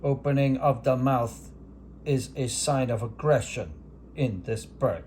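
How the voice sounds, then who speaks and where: A man voicing a veteran male sportscaster doing bombastic, drawn-out ringside play-by-play over a mock bout. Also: medium pitch, darkish tone, slight background noise, natural voice. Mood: grandiose.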